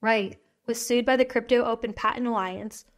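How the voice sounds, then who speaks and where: A woman reading a scripted news segment in a steady, even newsreader delivery. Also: fairly high pitch, normal speed. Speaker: news reader.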